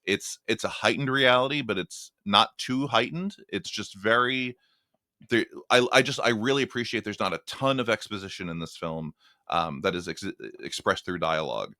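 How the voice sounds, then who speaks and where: Low-voiced man, thoughtful guest. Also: bright, forceful tone, no echo, clean studio sound. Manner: thoughtful, halting, many restarts. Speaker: podcast guest, writer and critic. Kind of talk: casual film discussion.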